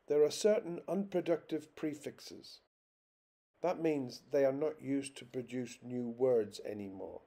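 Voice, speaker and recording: A man narrates an instructional lesson at an unhurried, careful pace. His voice is mellow and dark, and he reads example words one by one with deliberate spacing. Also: medium pitch. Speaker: teacher.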